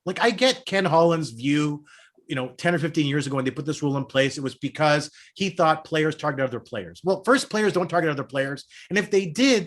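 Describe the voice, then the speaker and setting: Earnest man arguing a hockey point. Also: fairly high pitch. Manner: earnest, argues his point at length. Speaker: podcast co-host. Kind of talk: casual sports chat.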